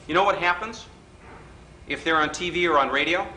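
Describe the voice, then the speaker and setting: A man's voice: fairly high pitch, fast, sharp tone. A man giving a workshop talk to an audience, teasing and joking, acting out quotes in his stories. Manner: joking, teasing, acts out quoted voices in anecdotes. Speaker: workshop speaker. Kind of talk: political persuasion workshop talk. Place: hotel function room with live audience. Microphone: distant room recording. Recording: echoey hall recorded from a distance, faint hiss.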